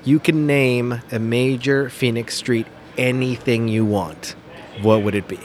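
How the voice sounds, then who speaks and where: A man's voice: mid-range voice, measured pace. A man co-hosting a casual chat, easygoing and playful.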